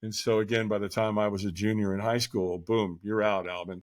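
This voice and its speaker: A man's voice: lowish voice, a little fast, dry recording. Older man telling his story candidly. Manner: candid, animated when acting out others. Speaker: podcast guest. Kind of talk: conversational storytelling.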